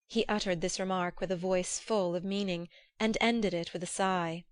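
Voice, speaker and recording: A woman narrating a classic novel in an audiobook, with a steady, measured reading manner. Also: on the low side, clean tone, no room sound.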